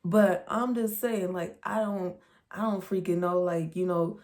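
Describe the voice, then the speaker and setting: A woman's voice: on the low side, fairly even intonation, a little slow, a little mellow. A woman vlogger telling a storytime in a blunt, profane, incredulous way. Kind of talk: storytime vlog.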